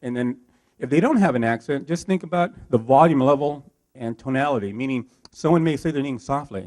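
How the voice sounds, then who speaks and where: A man's voice: medium pitch, fairly quick. Man coaching a workshop crowd. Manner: lively, coaching, asks the room questions. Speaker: workshop trainer. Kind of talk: live workshop talk to an audience.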